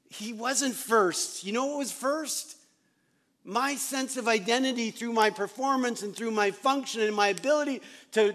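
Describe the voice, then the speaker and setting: A man who is a pastor, preaching an earnest, confessional sermon to fellow pastors, moving from hushed moments to loud ones. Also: extremely high pitch.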